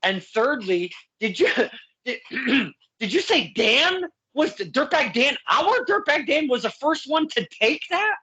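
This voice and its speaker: A man hosting a casual interview, excitable and quick to laugh. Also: very high-pitched, husky, rough recording. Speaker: interview host.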